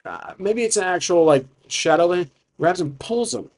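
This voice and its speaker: A man's voice: sits high, expressive, normal speed, a little mellow. A man narrating his solo tabletop game, thinking aloud with frequent restarts. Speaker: solo game master and player.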